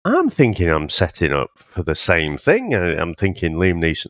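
A man's voice: sits low, wildly swooping pitch, moderate pace, fairly bright tone, no echo. A man co-hosting a film podcast, talking casually and swearing now and then. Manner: laid-back, swears, laughs along. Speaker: podcast co-host. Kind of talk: casual film review chat.

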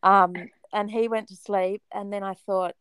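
A woman in her forties telling a personal story in a casual chat, animated and dramatic, often laughing. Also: mid-range voice, a little slow, clean tone, no room sound.

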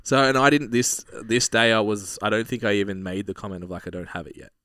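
A man's voice: on the low side, fairly even intonation, fast talker, fairly bright tone, dry recording. A young Australian man telling a rambling story in casual chat, swearing freely. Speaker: podcast co-host.

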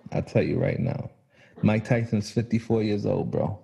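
Deep gravelly man on a muffled line. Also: normal speed, mellow. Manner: easygoing, streetwise slang, laughs easily. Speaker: father chatting with a friend. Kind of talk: casual chat.

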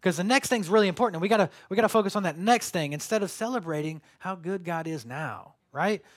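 A man's voice: high voice, lively intonation, fast talker. A man, preaching a sermon in a conversational, joking way that rises to emphatic calls. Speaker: pastor.

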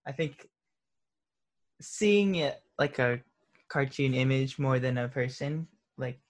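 A man's voice: medium pitch, slow pace. A man answering interview questions in a laid-back, casual way, with many fillers and frequent laughs. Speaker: interviewed musician.

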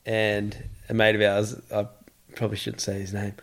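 Relaxed man telling a story. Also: fairly low pitch, normal speed. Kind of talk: casual chat.

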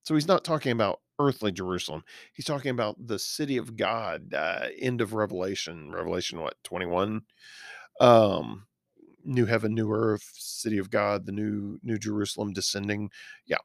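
A man who is a pastor, teaching a verse-by-verse Bible study in an earnest, explanatory way and pausing now and then to find his words. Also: lowish voice, vocal fry, no room sound, clean studio sound.

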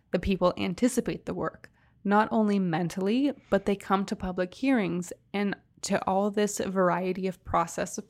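A young woman co-hosting a podcast in an easy, conversational way. She tells the story and reads quotes aloud at an even storytelling pace. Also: mid-range voice. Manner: chatty, laughs easily, reads passages in a steady storytelling tone. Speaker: podcast co-host. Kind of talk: casual chat, reading quotes aloud.

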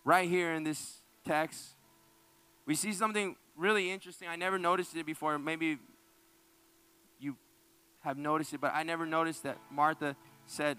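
A man preaching a sermon, emphatic and repeating phrases for effect, often dropping low and soft. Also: steady tone, normal speed, long pauses, clear, resonant tone, soft background music. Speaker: pastor.

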